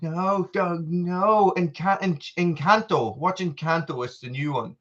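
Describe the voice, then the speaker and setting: A man's voice: fairly high pitch, unhurried, a bit bright. An Irish man in middle age chats loosely on a live stream at home, cutting himself off and saying hello to viewers. He sounds a little out of breath. The audio comes through dull and muffled. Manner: rambling, self-interrupting, greeting viewers. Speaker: livestream host. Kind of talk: casual live chat. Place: family home.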